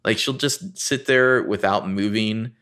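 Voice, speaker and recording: Low-ish guy chatting through a show recap, laid back, lots of ums. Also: measured pace, clean tone. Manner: relaxed, hesitant, reads dialogue aloud in a flat tone. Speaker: podcast co-host. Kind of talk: casual chat recapping a TV episode.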